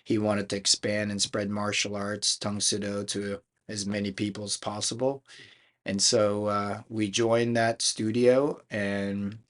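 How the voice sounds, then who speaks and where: A middle-aged man from Philadelphia, a karate school owner and chief instructor, tells stories from his life in a casual podcast interview. His voice sits low, and he rambles along with frequent restarts and fillers. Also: level tone, measured pace, a bit bright. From Philadelphia, United States.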